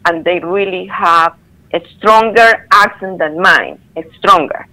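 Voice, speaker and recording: A middle-aged woman with a strong foreign accent, speaking earnestly in halting non-native English as a guest on a radio interview. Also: on the low side, pushed and bright, poor audio. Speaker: guest telling a personal story.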